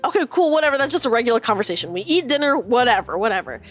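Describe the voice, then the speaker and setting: A woman's voice: fairly high pitch, big pitch swings, racing, faint music behind. A woman in her thirties chatting with her stream viewers from her room, telling a rambling story full of fillers and swearing now and then. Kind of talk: casual chat with live viewers.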